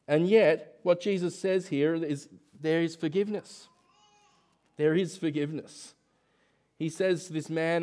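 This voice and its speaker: A man's voice: fairly high pitch, slow pace, long pauses, a little mellow. Man, preacher, sermon in church, conversational, rhetorical questions.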